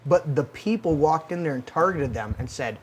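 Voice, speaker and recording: A man's voice: fairly high pitch, lively intonation, moderate pace, husky. A man hosting a talk show, telling stories in a heated, profane rant. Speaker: podcast host. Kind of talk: casual ranting talk show.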